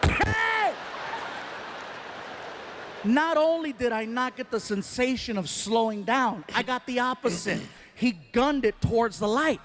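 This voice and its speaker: A man doing stand-up storytelling, animated and acting out voices and crowd sounds. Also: extremely high pitch, moderate pace, a little hiss or hum. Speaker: stand-up comedian.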